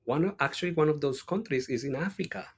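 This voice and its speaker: A man's voice: fairly high pitch, fast talker, husky. A man from Colombia with a Colombian Spanish accent, a teacher explaining patiently as an interview guest, with frequent "right?" tags. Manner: explanatory, uses many rhetorical "right?" tags. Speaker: ESL instructor, podcast guest. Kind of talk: interview conversation.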